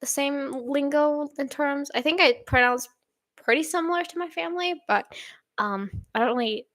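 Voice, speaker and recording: A woman's voice: high-pitched, normal speed, a bit bright, no room sound. A woman in her twenties from Sweden, chatting casually and reading out viewer comments in an upbeat, rambling way with frequent laughs. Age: 20s. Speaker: channel host.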